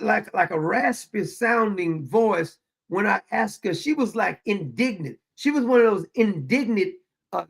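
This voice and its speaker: High-pitched gravelly man, animated storyteller. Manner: animated storytelling, laughing often. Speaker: show host. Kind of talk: casual monologue.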